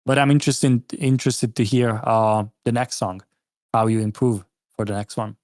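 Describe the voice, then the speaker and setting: A man's voice: medium pitch, fairly even intonation, moderate pace, darkish tone, dry recording, studio quality. A man giving casual, patient feedback on a listener's music track, with many fillers and restarts. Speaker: guest track reviewer.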